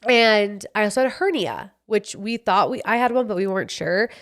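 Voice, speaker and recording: Speaking a little fast at medium pitch, a young podcast host shares a personal story in a relaxed, lively way. She performs the dialogue herself and swears without restraint.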